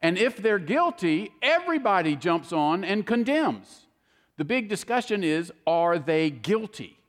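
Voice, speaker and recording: An older man preaches in a somewhat high voice, telling homely stories and acting out the people he quotes. His words ring out with a long reverb, as in a large hall. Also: big pitch swings, a little slow, a bit bright. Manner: folksy storytelling, acts out quoted people. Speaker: pastor. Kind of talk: sermon.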